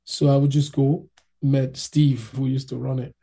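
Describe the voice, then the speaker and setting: Guy with a dark gravelly husky voice, chatty storyteller, does all the voices. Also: medium pitch, measured pace. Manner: animated, acts out voices in anecdotes. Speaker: interviewee. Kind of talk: casual storytelling.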